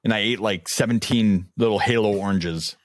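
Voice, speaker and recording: A man's voice: on the low side, normal speed, no room sound. A young man co-hosting a casual podcast, telling rambling stories with lots of fillers and laughs. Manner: rambling, laughing, animated storytelling. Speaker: podcast co-host. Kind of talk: casual chat.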